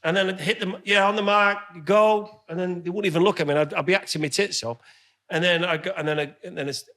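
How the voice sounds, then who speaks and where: A man's voice: fairly high pitch, racing, a bit bright. A man with a Northern English accent, co-hosting a casual pub podcast and telling candid stories with plenty of swearing. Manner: candid storytelling, swears freely. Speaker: podcast co-host.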